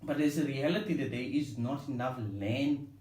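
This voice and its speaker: A man's voice: mid-range voice, moderate pace, a little mellow. A man co-hosting a music vlog who talks in an analytical way, hesitating and repeating words. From not from Cape Town. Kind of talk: casual discussion. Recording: echoey room, mic at a distance.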